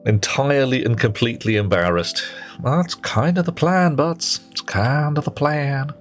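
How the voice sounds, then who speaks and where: A man's voice: medium pitch, unhurried, faint music behind. A man streaming a game, chatting playfully and teasingly with his viewers and muttering to himself as he works. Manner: talks to himself while working. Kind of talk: casual live-stream chat while playing.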